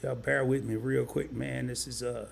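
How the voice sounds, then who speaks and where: A man's voice: medium pitch, little pitch movement, normal speed, creaky, slight background noise. A man hosting a live stream, casually breaking things down step by step and often repeating himself. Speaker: crypto live stream host. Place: home setup, sharing his screen.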